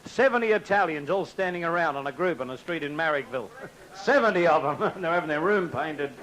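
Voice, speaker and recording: A man's voice: a little high, animated, a little fast, heavy background noise. An Australian man doing live stand-up, telling jokes and laughing at his own punchlines. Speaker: stand-up comedian.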